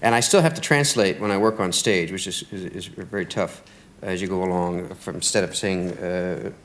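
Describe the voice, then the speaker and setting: A man's voice: sits low, normal speed, fairly bright tone. A middle-aged American man, a comedian guest, telling rambling wry anecdotes with hesitations on a talk show. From United States. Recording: noisy broadcast with studio audience.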